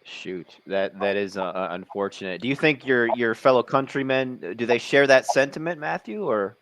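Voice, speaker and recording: A man's voice: medium pitch, normal speed, a bit bright, dry recording. A male host asking polite, hesitant interview questions with many fillers.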